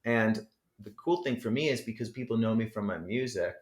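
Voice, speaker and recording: A man's voice: lowish voice, fairly quick. A man from New Jersey talking as a podcast guest, rambling and profane, packing his talk with "you know". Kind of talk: casual interview chat. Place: podcast studio. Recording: roomy echo.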